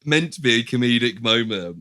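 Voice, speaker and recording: A man's voice: medium pitch, expressive, a little fast, bright, forceful tone. A man co-hosting a casual podcast, recapping film scenes with lots of fillers and acted-out lines. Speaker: podcast co-host.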